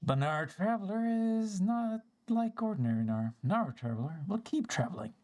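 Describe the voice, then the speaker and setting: A streamer voicing an ancient, wistful little forest spirit from a game, with a slow storybook lilt. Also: medium pitch, expressive, a little mellow, lightly acted. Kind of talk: reading game dialogue aloud.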